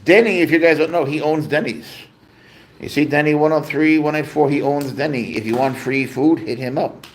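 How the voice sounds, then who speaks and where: A man's voice: medium pitch, creaky, slight background noise. Rambling, easygoing man on a livestream. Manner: rambling, easygoing, chats with viewers. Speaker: livestream host and pet owner. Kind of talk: casual livestream chat, reading viewer comments.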